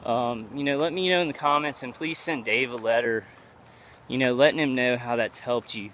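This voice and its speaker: A man vlogging while he walks outdoors at night, speaking in a rambling, halting way with many restarts into a handheld camera. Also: medium pitch, fairly bright tone, a little hiss or hum. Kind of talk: casual walking vlog monologue.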